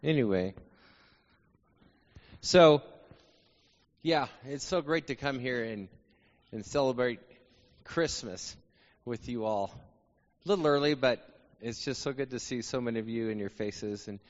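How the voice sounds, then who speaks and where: A man's voice: medium pitch, unhurried. A man from New Mexico speaks to a congregation as a guest preacher. He is joking and self-deprecating. His voice carries a long reverb from a large church hall, and the sound is somewhat muffled. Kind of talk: sermon opening. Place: church sanctuary.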